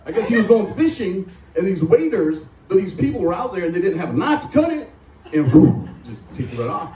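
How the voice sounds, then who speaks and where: Speaking fast in a slightly high, warm and very animated voice, this Michigan man gives recovery testimony at a live rally, rambling through his story with jokes and frequent laughter. He's recorded from a distance, off-mic and echoey, with a little hiss or hum.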